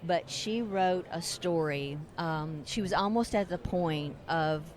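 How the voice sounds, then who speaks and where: Earnest middle-aged woman, low-pitched. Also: takes it slowly. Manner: earnest, heartfelt storytelling. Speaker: ministry co-founder, interview guest. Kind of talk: conversational interview. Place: religious broadcasters convention.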